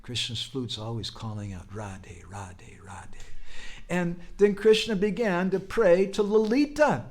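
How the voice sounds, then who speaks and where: Male spiritual teacher, animated sermon voice, shifts between hush and chant. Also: sits high, moderate pace, hardly any pauses. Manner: animated storytelling, drops to whispers, bursts into chanting. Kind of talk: devotional talk with storytelling.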